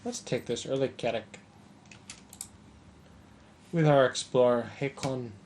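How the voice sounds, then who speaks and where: A man's voice: mid-range voice, slow, a little mellow, a little hiss or hum. A man casually commenting on a strategy game as he plays, thinking aloud with mild sarcasm. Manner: musing aloud, mildly sarcastic. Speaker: gameplay commentator.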